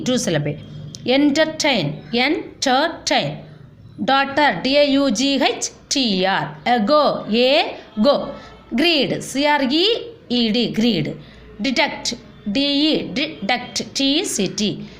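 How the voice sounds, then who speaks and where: A woman with teaches a school lesson, working through word lists one item at a time. Her voice sits high and swings widely in pitch. She often spells words out letter by letter. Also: a little hiss or hum. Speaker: English teacher. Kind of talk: classroom lesson.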